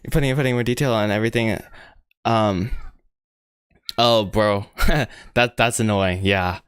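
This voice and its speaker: A young American man talks through his animation work on a livestream, rambling excitably and poking fun at himself while he sounds out mouth shapes. His voice sits a little low. The sound is dry and close, with no room echo. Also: a little slow, clear, resonant tone. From United States. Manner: rambling, self-mocking, excitable, says bro and guys a lot.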